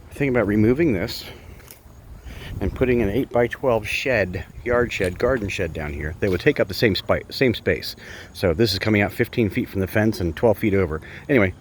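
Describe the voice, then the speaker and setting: A man talks his way around a backyard aviary, chatty and self-correcting as he films on a handheld camera. His voice sits low but moves up and down with a lively swing. Steady outdoor noise runs beneath him throughout. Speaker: bird sanctuary keeper. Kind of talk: casual walk-and-talk vlog. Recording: noisy outdoor ambience.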